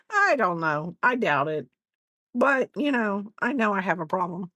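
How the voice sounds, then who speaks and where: Woman crochet streamer at home, rambly and self-mocking, laughs a lot, talks to chat and her dog, bouncy pitch. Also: pushed and bright, no echo. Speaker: crochet livestreamer. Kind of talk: casual chat while crafting on a livestream.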